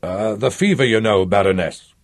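A man voicing an officious, self-confident prison lieutenant in an audiobook reading, brisk and fawning. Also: fairly low pitch, natural voice. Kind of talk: audiobook character voice.

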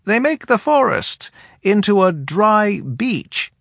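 A man's voice: high voice, very animated, slow pace, creaky, no echo, clean studio sound, voice pushed up, full character voice. A man voicing the scornful elder woman who leads a small forest people, in a mocking, incredulous tone. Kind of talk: audiobook character voice.

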